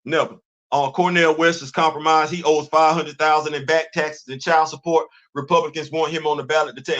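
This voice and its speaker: A middle-aged man hosting a livestream, his voice sitting a little higher than most men's. He talks with fervent, preachy conviction in loose, colloquial speech. He keeps turning to answer viewers in the chat. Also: flat delivery, brisk, a bit bright, lo-fi sound. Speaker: livestream host. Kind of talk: impassioned livestream commentary.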